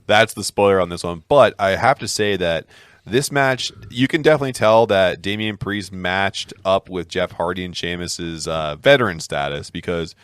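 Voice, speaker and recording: A man's voice: sits low, fairly bright tone, clean tone, no echo, clean studio sound. A man co-hosting a podcast, casually recapping a wrestling match with fillers and laughs. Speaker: podcast co-host.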